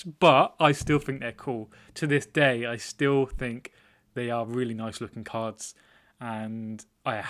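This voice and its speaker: This trading card collector channel host has a medium-pitched, slightly bright voice. Chatting casually with plenty of laughter, he pokes fun at himself while responding to viewers' comments.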